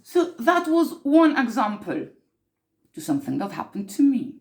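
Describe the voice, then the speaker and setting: A woman's voice: fairly high pitch, big pitch swings, moderate pace. A woman playing an earnest mystic who tells of time slips in an improvised monologue, intense and repeating herself for emphasis.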